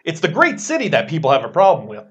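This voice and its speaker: A man's voice: a little high, wildly swooping pitch, fast, fairly bright tone, husky, highs cut off. A man from Las Vegas co-hosting a podcast, summarizing scripture with dry wisecracks. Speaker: podcast co-host. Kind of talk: deadpan comedic scripture commentary.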